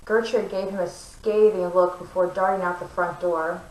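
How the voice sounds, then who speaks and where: Woman reading a novel aloud for her channel, expressive, mid-pitched, echoey room, mic set back. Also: moderate pace, recorded from a distance. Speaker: book reader.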